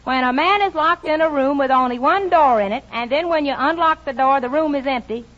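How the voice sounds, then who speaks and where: A woman's voice: high voice, brisk, a bit bright. A brash Ozark hillbilly girl. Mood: puzzled. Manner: folksy, ungrammatical, earnest. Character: naive brash hillbilly country girl turned amateur spy-catcher. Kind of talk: 1940s film comedy acting. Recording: dull old film soundtrack with hiss.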